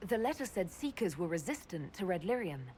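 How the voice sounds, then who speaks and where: A concerned companion in a fantasy game with a mellow, lively voice. She asks her questions carefully. Faint game ambience sits under her. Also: lowish voice, a little fast, slight background noise. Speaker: game character. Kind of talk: video game dialogue.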